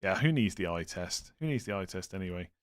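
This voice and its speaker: A young man hosting a casual live stream, reading viewer questions aloud and thinking out loud with self-mocking humor. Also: sits low, lively intonation, a little fast.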